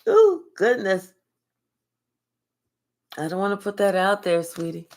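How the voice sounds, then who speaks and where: With a relaxed, affectionate manner, an older woman hosts a live spiritual reading stream, chatting and naming viewers as she thanks them. Her voice is mid-range and her pace measured.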